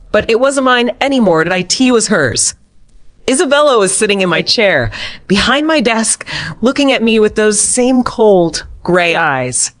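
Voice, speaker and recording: A woman narrating a scripted first-person drama story in a steady storytelling manner. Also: medium pitch.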